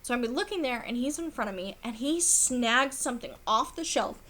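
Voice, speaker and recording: A young woman chatting casually about her cross stitch projects, rambling with lots of fillers and laughter, her voice going hoarse. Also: on the high side, lively intonation, fairly quick, pushed and bright. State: losing her voice. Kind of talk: casual chat.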